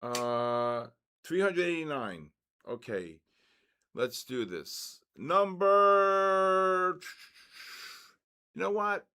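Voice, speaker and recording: A man hosting a casual livestream, calling out giveaway numbers and names and exclaiming excitedly over the winners. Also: fairly high pitch, extremely slow, pauses often, clean tone. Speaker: livestream host running a giveaway.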